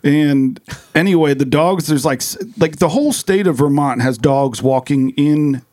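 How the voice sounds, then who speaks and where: A man's voice: on the high side, moderate pace, darkish tone. A man co-hosting a casual podcast chat, telling stories in a rambling way with restarts. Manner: rambling storyteller, many fillers and restarts. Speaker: podcast co-host.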